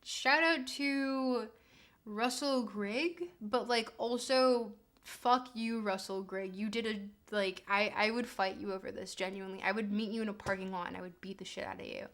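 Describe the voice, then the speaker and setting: A woman's voice: mid-range voice, normal speed, fairly bright tone. A woman from Canada chatting casually on a live stream, rambling through tangents and swearing freely as she answers chat.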